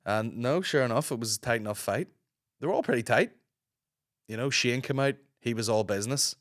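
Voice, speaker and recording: A Northern Irish man in his thirties, a podcast host with a hoarse, gruff voice, telling rambling stories in casual chat, swearing freely. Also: mid-range voice, brisk, dry recording, clean studio sound. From Northern Ireland. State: hoarse from a sore throat.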